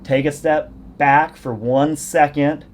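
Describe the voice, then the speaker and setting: A fitness coach hosts his podcast in a fairly high, steady voice, speaking slowly over a slight hiss or hum. In casual conversation he wanders through long stories that poke fun at himself.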